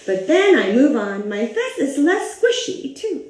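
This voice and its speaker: A woman reading aloud as a grumpy male grape who learns to let go, in a lively storybook way with gasps. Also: sits high, a little slow. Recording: roomy echo.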